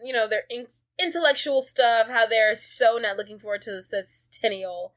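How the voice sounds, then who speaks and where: A woman's voice: on the high side, moderate pace, fairly bright tone. A woman co-hosting a podcast, retelling a movie plot in casual chat and swearing freely. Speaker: podcast co-host.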